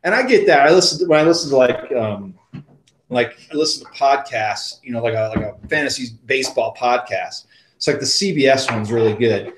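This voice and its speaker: A man's voice: mid-range voice, lively intonation, fairly quick, a little hiss or hum. Rambling man in a roomy room. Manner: rambling, laughing, full of likes and restarts. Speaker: podcast co-host. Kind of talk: casual chat. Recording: roomy studio sound.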